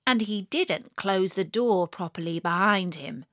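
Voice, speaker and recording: Expressive woman reading a children's story. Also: medium pitch, a little slow, no room sound, clean studio sound.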